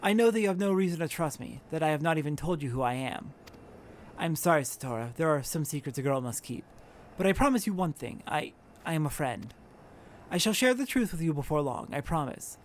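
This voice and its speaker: Mysterious young woman, soft-spoken and pleading; a man reads her lines. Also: fairly high pitch, expressive, fairly quick, slight background noise, natural voice. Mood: earnest pleading. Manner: soft, earnest, hesitant pleading.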